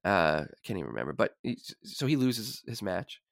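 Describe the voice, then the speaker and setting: Male podcast guest, low voice, dry sound, rambling storyteller. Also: very animated, a little fast, creaky, fairly bright tone, no room sound. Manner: rambling, repeats words, many likes. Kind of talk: casual sports podcast chat.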